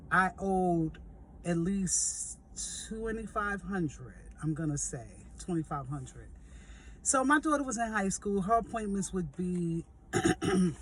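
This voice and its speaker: A woman in her fifties, a vlog host, telling a personal testimony in a lively, jokey, conversational way and speaking straight to her listeners. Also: on the low side, a little hiss or hum. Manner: animated, jokey storyteller who acts out quoted voices; conversational, addresses listeners directly. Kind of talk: storytelling testimony.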